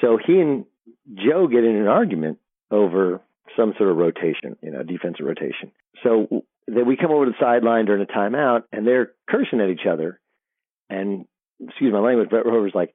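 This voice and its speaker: A middle-aged man, a sports broadcaster, telling animated locker-room stories as an interview guest, often restarting his sentences. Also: fairly low pitch, brisk, no room sound. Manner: animated storyteller, frequent restarts. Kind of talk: storytelling interview. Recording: dry tinny phone line.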